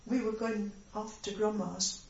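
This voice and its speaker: A woman's voice: mid-range voice, fairly even intonation, vocal fry. Older woman, far off in an echoey room. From Sheffield area, England. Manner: gentle, halting recollection with many fillers. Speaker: interviewee. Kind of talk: oral history reminiscence. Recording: very echoey, off-mic, dull recording.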